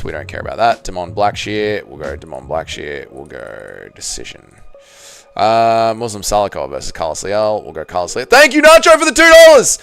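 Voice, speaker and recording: A man's voice: low voice, gravelly. An Australian man hosting a casual livestream, reading out chat messages and talking bluntly with frequent swearing. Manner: blunt, swears often, reads chat aloud. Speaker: streamer host.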